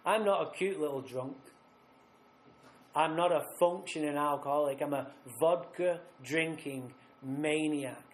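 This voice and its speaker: A man speaking at a recovery retreat, telling his own story bluntly and vividly, acting out scenes with rough language. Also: a little high, unhurried. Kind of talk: personal recovery story told live. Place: retreat meeting room. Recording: roomy live talk recording.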